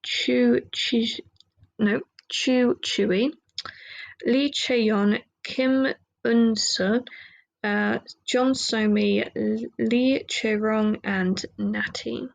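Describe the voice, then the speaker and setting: A woman's voice: on the high side, steady tone, very slow, gravelly, poor audio. A woman with an English accent hosting a solo podcast, chatting casually in a rambling, self-deprecating way with lots of fillers. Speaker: podcast host.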